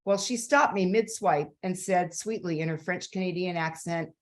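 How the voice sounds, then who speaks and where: A woman in her sixties, a former nurse, reading her personal story aloud on stage in a measured, earnest way with gentle humor. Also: lowish voice.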